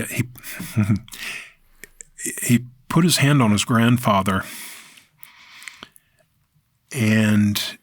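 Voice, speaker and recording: A man guesting on a podcast, telling a story in a halting, reflective way with many fillers and restarts. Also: fairly low pitch, fairly bright tone, dry recording. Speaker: podcast guest, decedent remover. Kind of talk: casual interview storytelling. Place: podcast studio.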